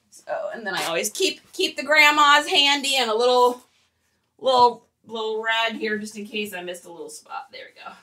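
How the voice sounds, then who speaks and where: A woman's voice: medium pitch, sharp tone, recorded from a distance. A woman who resells online, chatting casually and rambling while she photographs shoes. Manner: chatty and rambling, with fillers and laughs.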